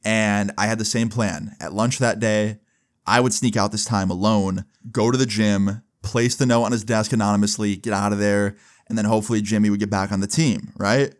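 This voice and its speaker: A man's voice: on the low side, fairly even intonation, moderate pace. A man telling a personal school story in a casual storytime vlog, full of swearing and fillers like "right?". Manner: casual, profane, filler-heavy.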